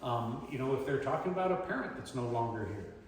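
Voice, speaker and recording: A man giving a community talk on dementia care, animated and acting out quoted voices. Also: medium pitch, fast, a little hiss or hum. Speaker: presenter. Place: community meeting room. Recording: echoey hall from far off.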